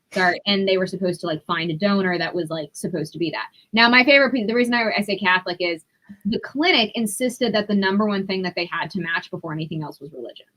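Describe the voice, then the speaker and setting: A young adult woman, a podcast guest, telling her story in a candid, profane and animated way. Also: fairly low pitch, poor audio. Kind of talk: casual storytelling.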